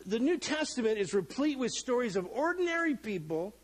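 A man's voice: very high-pitched, very animated, fairly quick, poor audio. A middle-aged male pastor preaching a sermon in a church, joking and acting out the people in the story. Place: church sanctuary.

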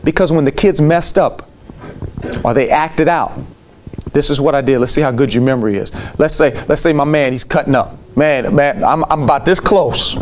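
A man giving a lively talk to teachers, telling classroom stories and leading call and response. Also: fairly high pitch, moderate pace, a little hiss or hum. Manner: lively storytelling with call and response, acts out students. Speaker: teacher speaking to educators.

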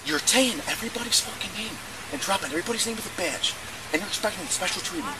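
A man's voice: sits high, lively intonation, fast, very noisy. A male police officer outdoors, angrily commanding and swearing at a man, recorded on a body camera. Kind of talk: shouting at a detained man. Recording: body camera with loud crowd.

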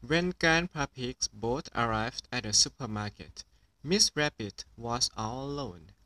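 A man reading a children's picture book aloud in an even storytelling voice. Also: medium pitch, measured pace, no room sound, poor audio. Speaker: storybook reader.

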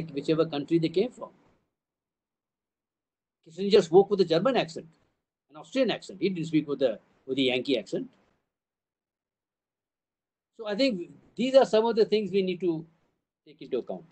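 An older man with an Indian English accent addresses a room of parents, his voice pitched high. He talks emphatically, listing ideas in repeated phrases and throwing out rhetorical questions. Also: darkish tone, poor audio. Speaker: school trust CEO addressing parents. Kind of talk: town hall address.

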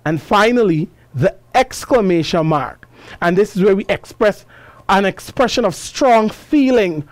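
A woman's voice: mid-range voice, expressive, dry recording. A woman teaching a class lesson, asking questions and answering them herself. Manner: slow, deliberate, asks questions and answers them; reads passages aloud with expression.

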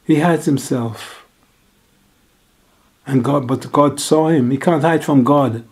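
A man preaching a sermon in a slow, halting way, rising higher and louder when he stresses a point. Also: husky.

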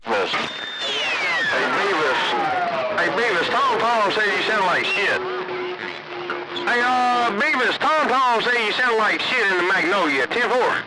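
A man's voice: high-pitched, sing-song, a little slow, long pauses. A man chatting on CB radio in loose call-and-response talk. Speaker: CB radio operator. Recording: radio audio with loud static.

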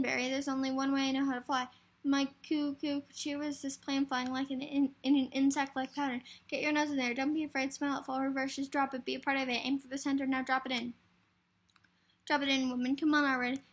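Woman, script reading for a variety show, high-pitched, quick, stumbling restarts.

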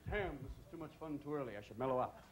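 Manic stand-up man with a lively voice. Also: medium pitch, racing, very noisy. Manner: manic, jumping between voices. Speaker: stand-up comedian. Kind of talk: stand-up routine. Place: comedy club stage.

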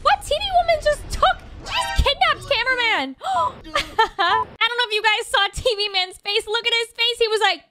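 An excitable woman hosts a cartoon reaction video, talking straight to her viewers. Her voice is very high and bounces all over. She gasps and giggles often. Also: normal speed, heavy background noise. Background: loud background music.

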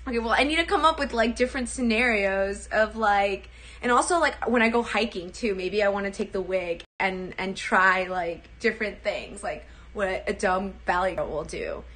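A woman's voice: mid-range voice, moderate pace, a bit bright. A young woman livestreaming casually, chatty, giggly and self-deprecating.

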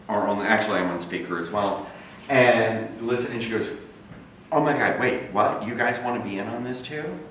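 A man giving a talk to an audience, telling his story in a casual, conversational way and acting out the voices of people he quotes. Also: mid-range voice. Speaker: guest speaker. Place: large campus lecture room. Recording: very echoey room, speaker far from mic, faint noise.

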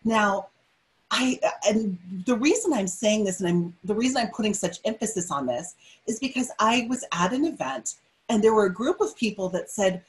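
A middle-aged woman speaks at a steady, middle pitch, giving a motivational webinar talk. She sounds energetic and emphatic and comes back to her key phrases again and again. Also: moderate pace, poor audio.

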